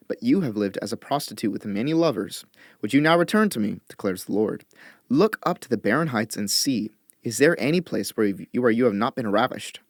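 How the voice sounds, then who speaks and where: A man reading scripture aloud in a measured, expressive way, lifting his voice for quoted lines. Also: mid-range voice, no echo, clean studio sound. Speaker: Bible reader.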